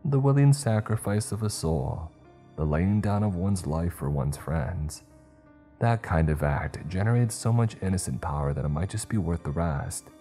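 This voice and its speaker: A man's voice: low-pitched, lively intonation, moderate pace, warm tone, soft background music. A man voicing a vain, chatty cult witch who shrieks and hisses at children. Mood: scornful. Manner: hissing, indignant, rambling.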